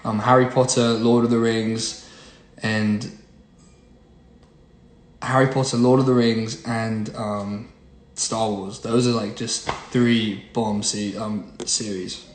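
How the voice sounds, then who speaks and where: A man's voice: lowish voice, little pitch movement, slow. Chatty young man, roomy sound. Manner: rambling, chatty, many fillers. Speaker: singer-songwriter. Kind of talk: casual livestream chat. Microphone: phone livestream. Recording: roomy echo, faint noise.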